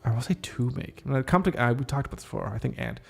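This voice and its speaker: A man's voice: mid-range voice, fast, creaky, soft background music. A man hosting a podcast, reading draft lines of a script aloud, stopping often to rethink and reword them. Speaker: podcast host. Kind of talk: casual solo script rehearsal.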